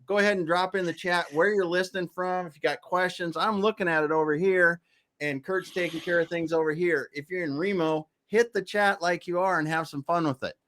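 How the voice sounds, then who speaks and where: An upbeat male co-host with a high voice opens a live stream by speaking to the audience. He sounds lively and eager to get things going. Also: fairly quick.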